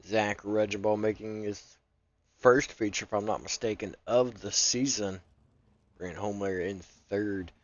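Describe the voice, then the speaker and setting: A man co-hosting a sim racing broadcast, easygoing and lifting with excitement on race action. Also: on the low side, measured pace, highs cut off. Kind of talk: race commentary.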